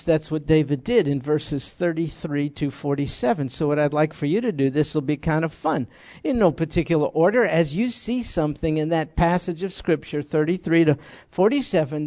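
A man's voice: on the high side, darkish tone, no room sound. A man preaching a conversational sermon to his congregation, joking and emphatic, often repeating key phrases.

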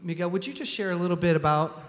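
Male church host, slightly high voice, halting delivery, echoey sanctuary. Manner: warm, halting, many ums and restarts. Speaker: pastor hosting a church service. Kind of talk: church announcement from the pulpit.

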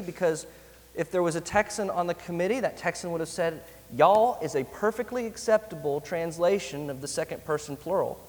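A man preaching a sermon as pastor, earnest, slowing down to stress key phrases. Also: sits high, big-room sound.

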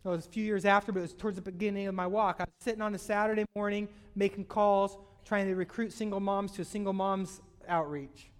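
A man preaching a sermon, with sudden loud swells and soft drops in his voice. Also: high-pitched, fairly even intonation, quick pace, hardly any pauses. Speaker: pastor. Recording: long hall reverb.

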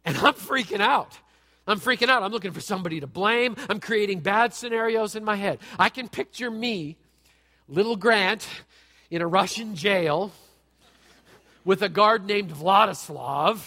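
A man giving a sermon as a pastor, with an animated, conversational delivery that jokes and asks the audience questions. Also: high-pitched. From United States. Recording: long reverb from a large hall.

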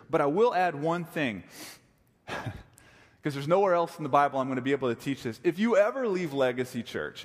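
A man preaching a sermon as pastor, emphatic and jokey, repeating phrases for stress. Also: fairly high pitch. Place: church sanctuary. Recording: long reverb of a church hall.

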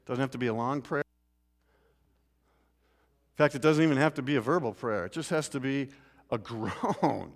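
A man's voice: moderate pace, pauses often. Preaching man in a reverberant hall. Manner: storytelling, swings from loud urgent pleading to quiet low asides. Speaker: pastor. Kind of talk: sermon. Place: church sanctuary.

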